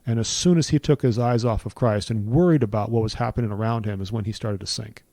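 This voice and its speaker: A man's voice: fairly low pitch, fast, mellow, no room sound. A middle-aged man giving an earnest personal testimony in conversation, building his points with repeated phrases like a preacher.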